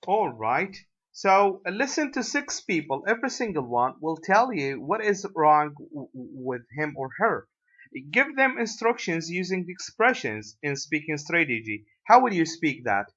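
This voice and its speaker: A male English lecturer with an Iraqi Arabic accent, explaining a lesson slowly and filling pauses with "uh" and "right?". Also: a little high, very animated, a bit bright. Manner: hesitant, many fillers, tag questions like "right?". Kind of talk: recorded lecture. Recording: dull lo-fi lecture recording.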